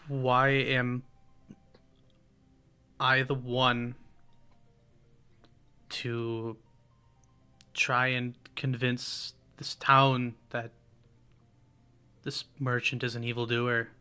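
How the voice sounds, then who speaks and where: A man's voice: mid-range voice, little pitch movement, very slow, pauses often, sharp tone, smooth, faint music behind. A man voicing a careworn male village farmer, pleading and worried as he questions why it falls to him. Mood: defensive.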